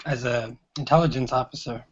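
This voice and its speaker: A man's voice: mid-range voice, fairly even intonation, a little fast, slightly rough, dull audio. A man in a casual online group discussion, arguing his points insistently. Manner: insistent, argumentative.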